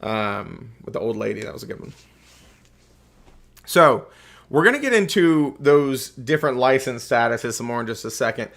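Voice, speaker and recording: A man's voice: medium pitch, lively intonation, moderate pace, gravelly, a bit bright. A man with a Southern US accent lecturing a class as a real estate instructor, folksy and joking. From Southern United States. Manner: folksy and joking, keeps calling students "folks".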